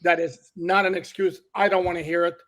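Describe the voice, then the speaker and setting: Journalist guy hosting a football pod, measured and a bit wry, high voice. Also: flat delivery, fairly bright tone. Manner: measured, hesitant restarts, wry. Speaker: podcast host, journalist. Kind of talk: sports podcast discussion.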